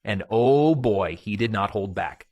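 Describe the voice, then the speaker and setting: Husky man narrating with hype. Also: on the low side, animated, measured pace, darkish tone, no room sound, muffled recording. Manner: dramatic, hyped teaser delivery. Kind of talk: scripted narration.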